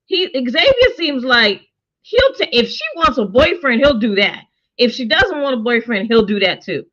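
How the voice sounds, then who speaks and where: A woman's voice: on the high side, moderate pace. A woman co-hosting a casual TV review chat, talking things through and quoting characters as she goes. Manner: conversational, animated, quotes characters in her own voice. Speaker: show co-host reviewing a TV series. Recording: dull lo-fi sound.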